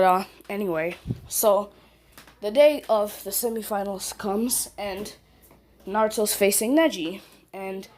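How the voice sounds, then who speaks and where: A woman's voice: mid-range voice, a little mellow, slight background noise. A young woman casually retelling a fan story, rambling, self-correcting and full of fillers.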